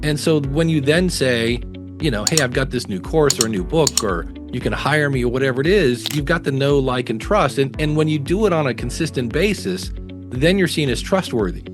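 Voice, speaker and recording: A middle-aged man, a podcasting teacher, telling stories in a lively way as a guest in a casual interview. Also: mid-range voice, moderate pace, over music. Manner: animated storyteller.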